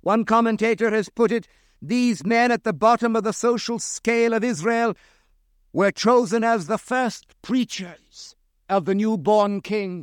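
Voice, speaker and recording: A man's voice: sits high, measured pace, clean tone, no room sound, clean studio sound. A male preacher delivering a radio sermon, earnestly pressing rhetorical questions and quoting scripture in old English.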